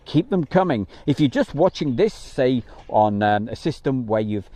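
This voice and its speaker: Outdoors at an airfield, this Wolverhampton-born airshow livestream host talks in a casual, rambling way, full of fillers and carrying a West Midlands English accent. His mid-range voice is expressive and warm, at a normal speed, and the recording has no echo.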